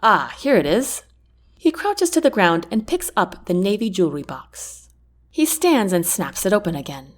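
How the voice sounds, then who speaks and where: A woman reading a first-person romance audiobook in an expressive storytelling manner. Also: mid-range voice, normal speed. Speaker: audiobook narrator.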